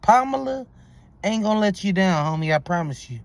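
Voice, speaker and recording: A man's voice: sits high, expressive, brisk. A man hosting a reaction video, talking in incredulous, profane street slang. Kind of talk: reaction commentary.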